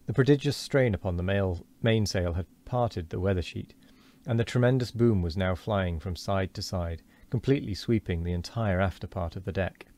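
Streamer, male, low voice, earnest read-aloud of a classic novel with frequent restarts. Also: moderate pace, darkish tone. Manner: earnest reading with frequent stumbles and self-corrections.

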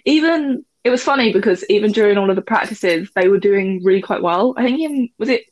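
A woman's voice: mid-range voice, expressive, fast talker, darkish tone, no room sound. A woman co-hosting a casual podcast chat, talking freely and laughing often. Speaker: podcast co-host.

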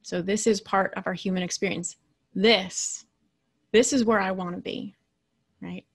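A woman leadership coach giving a casual, animated lecture. She acts out quoted voices and keeps adding "right?". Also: mid-range voice, unhurried, slightly rough. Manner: often adds "right?".

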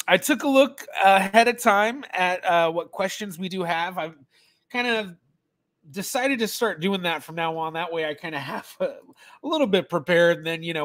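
A man's voice: sits high, fairly bright tone. A man hosting a casual live stream as a genealogist, chatty, laughing easily as he greets viewers by name, and bothered by allergies. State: allergies, sneezy.

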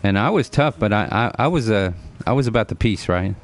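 His voice sits fairly low, and he sounds expressive and brisk. The man, in his forties, chats earnestly with his live-stream audience, lecturing, repeating himself, and calling on viewers by name in a casual way.

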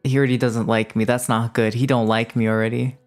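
A woman streaming a strategy game live, teasing her chat in a playful, excitable way. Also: extremely low pitch, a little fast, music in the background. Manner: excitable outbursts. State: just woke up. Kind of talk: casual live gaming commentary.

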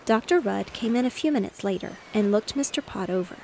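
Woman storyteller, gentle, even bedtime reading, mid voice, faint ocean waves behind. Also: medium pitch, brisk, vocal fry, slight background noise, low-quality recording.

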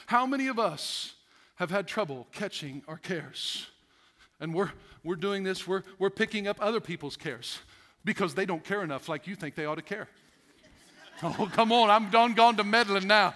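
Male pastor, sermon, very high pitch, animated, acts out voices. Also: moderate pace. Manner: animated, laughing, acts out voices of stressed people. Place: church sanctuary.

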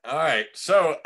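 A man's voice: on the high side, pushed and bright, slightly rough. A male host of a casual interview, reading out viewer questions and laughing along with his guest.

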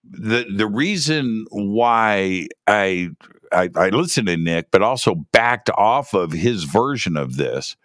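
Slow, animated man co-hosting a chat. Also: on the low side, dry recording, clean studio sound. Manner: animated, repeats words while thinking. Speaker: podcast co-host. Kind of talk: casual discussion.

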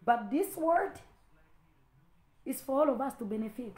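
Woman preacher, higher-pitched, repetitive exhortation and firm warnings; echoey room. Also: expressive, normal speed. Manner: exhorting, repetitive, rising to stern loud warnings. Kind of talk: impassioned online sermon.

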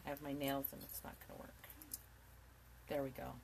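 A woman's voice: a bass voice, expressive, brisk, gravelly, darkish tone, a little hiss or hum. A woman in her forties hosting a live craft tutorial from her home desk, chatty and rambling, laughing often and greeting viewers by name. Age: 40s. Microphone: camera mic at a desk.

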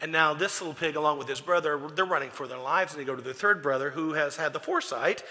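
A pastor preaches to his congregation in a folksy, joking way, stopping to tell stories. His voice is bright and sharp and a little high for a man. It rings through a big church hall. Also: quick pace. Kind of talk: sermon. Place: church sanctuary.

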